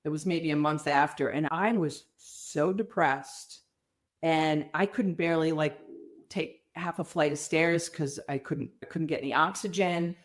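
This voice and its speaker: A middle-aged woman with a somewhat low voice tells her story as an interview guest. She talks candidly and slips into quoted dialogue with animated voices. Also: measured pace. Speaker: podcast guest.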